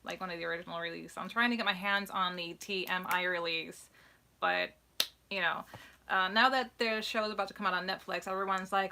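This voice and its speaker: A woman co-hosts a live question-and-answer stream in a loose, rambling way, full of fillers and false starts. Her voice is bright and forward and sits slightly low. She sounds emotional and earnest as she talks. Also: steady tone, a little fast, a little hiss or hum. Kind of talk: casual live Q&A chat.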